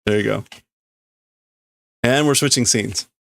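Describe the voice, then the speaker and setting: A man's voice: lowish voice, unhurried, vocal fry, fairly bright tone. A man streaming live as he reads a manga aloud and translates it, thinking aloud and hesitating over the words. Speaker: streamer host.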